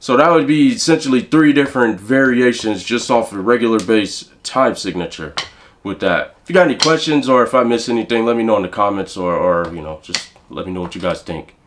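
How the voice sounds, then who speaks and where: Male drum instructor, lower register, casual explainer who counts rhythms aloud. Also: fairly quick, noisy background. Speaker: drum teacher.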